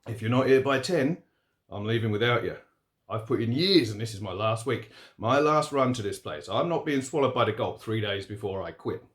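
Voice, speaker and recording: A man voicing a stubborn old male truck driver, gruff and insistent. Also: medium pitch, lively intonation, normal speed, close to an everyday voice. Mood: stern warning. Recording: roomy echo.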